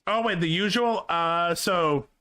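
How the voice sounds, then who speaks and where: A man's voice: high-pitched, measured pace, pushed and bright. A young man hosting a reaction live stream, chatting casually and rambling with restarts. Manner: rambling, with frequent restarts and filler.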